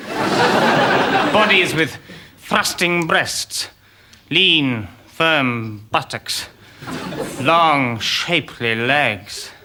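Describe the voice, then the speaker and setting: A flustered Roman aide who gets carried away and trips over his words. His voice is bright, and his pitch swings widely. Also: big pitch swings, a little slow, a little hiss or hum, full character voice. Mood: agitated. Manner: breathless, stumbling over words. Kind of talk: sitcom acting.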